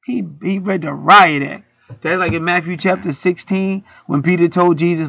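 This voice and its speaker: High gravelly dude preaching off the cuff, aave, cussing a lot, dry dull recording. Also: male voice, moderate pace, pushed and bright, no room sound. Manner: profane, heated, rants and acts out quotes. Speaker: internet preacher. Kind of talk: street-style preaching monologue.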